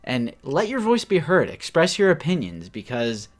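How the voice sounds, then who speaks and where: A man in his late twenties co-hosting a casual collector podcast, talking in an animated, joking way. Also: on the high side, moderate pace. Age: 20s. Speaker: podcast co-host. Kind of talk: casual chat.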